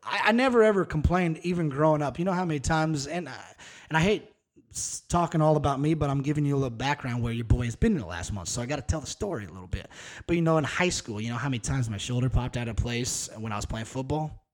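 A man's voice: mid-range voice, fast. A man in his thirties talks through a solo podcast episode with a mid-range voice. He rambles loosely and candidly, with frequent cussing and a plain, casual delivery. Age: 30s. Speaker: podcast host.

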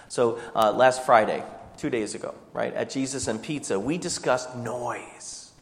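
A man's voice: medium pitch, unhurried, hardly any pauses. A man preaching a sermon as pastor, asking the congregation one rhetorical question after another. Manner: rhetorical questions, shifting pace. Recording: long hall reverb.

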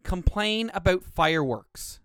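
A man's voice: high-pitched, expressive, measured pace, a bit bright, clean tone, no room sound, clean studio sound. A man from Canada, hosting a podcast and telling stories in a blunt, heavily swearing, casual way. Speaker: podcast host. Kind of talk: casual profane storytelling.

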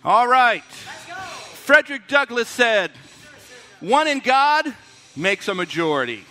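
A man preaching a lively sermon, with announcer-style bursts and quiet asides. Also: very high voice, measured pace, faint music behind. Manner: drops to quiet, intimate tones. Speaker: pastor.

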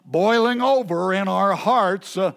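A man preaching a sermon at an evening church service, halting often with filler pauses. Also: high-pitched, vocal fry, fairly bright tone. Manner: unhurried, halting delivery with many filler pauses. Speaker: pastor.

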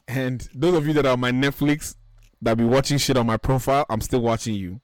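A man's voice: medium pitch, fairly even intonation, moderate pace, no room sound, clean studio sound. A man hosting a podcast in casual chat, ranting animatedly and swearing freely. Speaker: podcast host.

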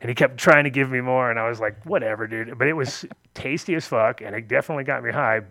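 A man talking in a loose, rambling way, full of swearing and laughter, speaking at a middling pitch. His voice sounds dry and close, with no room echo. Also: fast talker, gravelly, bright, forceful tone. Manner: loose storytelling with heavy swearing, laughing often. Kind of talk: casual chat.

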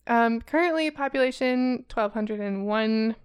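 A young woman with a smooth, clear voice pitched a little high tells a true crime story on a podcast. She talks casually and chattily, hesitating and stumbling now and then. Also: unhurried. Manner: chatty, hesitant, laughs often. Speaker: podcast co-host.

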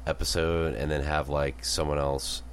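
Super deep voiced guy on a podcast, laid back, chiming in, faint noise behind. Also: normal speed. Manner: relaxed, interjects short remarks. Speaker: podcast co-host. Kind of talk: casual chat.

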